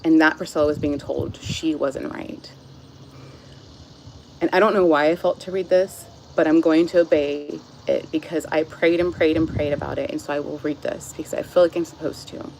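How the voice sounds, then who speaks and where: Woman reading her own book outdoors on a phone, low raspy voice, gets emotional. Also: fairly even intonation, normal speed, darkish tone, slight background noise, rough recording. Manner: emotional, close to tears. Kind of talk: reading aloud with personal asides. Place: outdoors in the sun.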